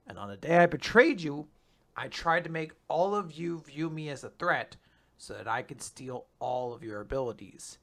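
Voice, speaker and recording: A man reading a weary, guilt-ridden male gunman's lines in a quiet, subdued, confessional way. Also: mid-range voice.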